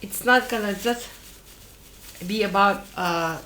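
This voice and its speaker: A woman's voice: medium pitch, slow, a bit bright, a little hiss or hum. Chatty woman food vlogger. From Northeast India. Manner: chatty, friendly, ends lines with "okay?". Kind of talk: casual cooking and mukbang chat.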